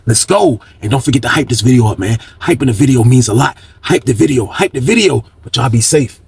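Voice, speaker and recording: A young man casually telling a story to his viewers, animated and slangy with heavy cursing. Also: medium pitch, a little fast, gravelly, breathy edge, dry recording. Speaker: storyteller host of a video channel.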